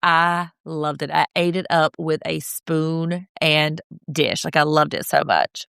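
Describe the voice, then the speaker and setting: A woman co-hosting a casual recap podcast, animated and breaking into mocking impressions. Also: low-pitched, a little slow, creaky, clear, resonant tone, no room sound, studio quality. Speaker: podcast co-host.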